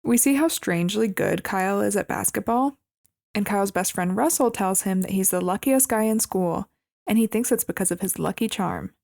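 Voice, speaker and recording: A female co-host on a movie podcast casually walks through a film's story at a moderate pace, her mid-pitched voice carrying a steady gravelly fry. She drops in wry, amused comments about how strange the plot is.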